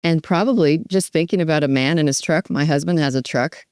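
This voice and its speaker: A woman educator coaching caregivers with animated, emphatic energy, acting out short examples as she teaches. Her voice is low-set and warm, and the recording is dry and close. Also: brisk, smooth, no room sound. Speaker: dementia care educator. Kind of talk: teaching with role-play demonstrations.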